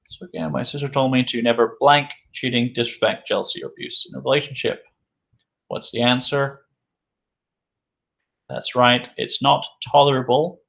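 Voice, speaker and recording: A man with a middle-pitched voice teaches an English vocabulary lesson, repeating each new word two or three times and answering his own question to the class. He speaks slowly, deliberately and patiently, with a steady, creaky, fairly bright tone.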